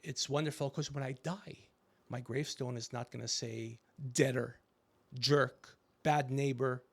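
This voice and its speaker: A middle-aged man hosting a podcast, telling stories in a casual comedic chat and acting out quotes with animated voices. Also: medium pitch, unhurried, vocal fry. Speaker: podcast host.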